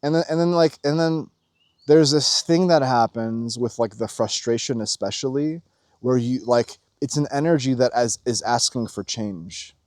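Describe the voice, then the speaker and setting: A man's voice: mid-range voice, moderate pace, dry recording. Profane rambling man, dry close sound. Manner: profane, rambling, acts out quotes in animated voices. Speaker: spiritual video host. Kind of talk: casual spiritual monologue.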